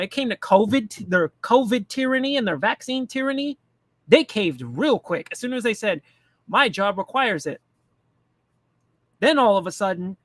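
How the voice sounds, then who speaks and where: This commentary streamer is a man with a high-sitting voice, captured in a dry recording. He rants bluntly and profanely through casual political commentary, mocking the people he discusses.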